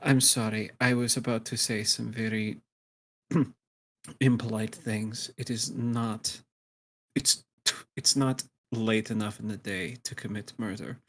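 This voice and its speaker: A man voicing a hungover young woman fighter in a tabletop game, speaking low, quiet and sarcastic. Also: fairly even intonation, normal speed, few pauses, natural voice. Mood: dry.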